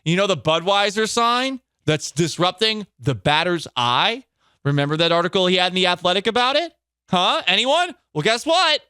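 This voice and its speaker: A man hosting a sports talk show, bantering in an animated, sarcastic and emphatic way into a studio microphone. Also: sits high, normal speed, clean tone, dry recording.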